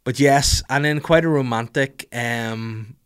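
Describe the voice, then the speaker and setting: A man's voice: mid-range voice, a little slow, clean tone. A middle-aged man chatting casually and playfully, laughing often and swearing as he answers viewer comments. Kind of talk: casual live chat.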